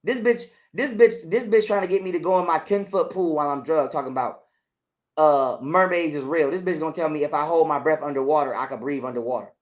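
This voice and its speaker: As an interview guest, a man with a fairly high voice speaks briskly through a long, casual, profane story. He animatedly plays both parties in a quarrel.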